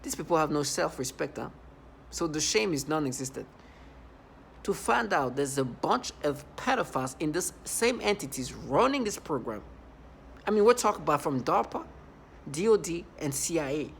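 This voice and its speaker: A man in his thirties giving a personal testimonial, halting, often repeating and restarting words. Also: a little high, big pitch swings, creaky, fairly bright tone, a little hiss or hum. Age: 30s. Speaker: vlogger.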